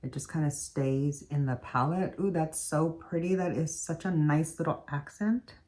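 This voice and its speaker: Low-voiced chatty woman vlogger. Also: normal speed, dark tone. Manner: chatty, talks while doing makeup. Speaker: beauty vlogger. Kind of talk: chatty makeup tutorial.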